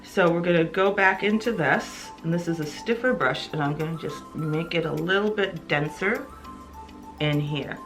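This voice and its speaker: A woman's voice: fairly low pitch, normal speed, music in the background. A woman beauty vlogger chatting while doing her makeup, telling a story with lots of laughter and acted-out quotes. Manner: animated, laughing, acts out voices in her story. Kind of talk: chatty get-ready-with-me storytelling.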